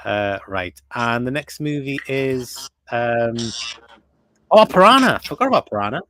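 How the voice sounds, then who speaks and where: A man co-hosting a casual movie review chat, talking at a mid-range pitch. He rambles, repeating himself and using lots of fillers. The recording is dry and close, with no room sound. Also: a little slow, a bit bright, no echo. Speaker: podcast co-host.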